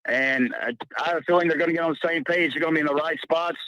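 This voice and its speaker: A man's voice: fairly high pitch, very fast, a crowd in the background. A man from Missouri, a small-town coach, calling in and chatting confidently. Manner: chatty, confident, laughs easily. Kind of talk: call-in chat. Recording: dull dry phone line.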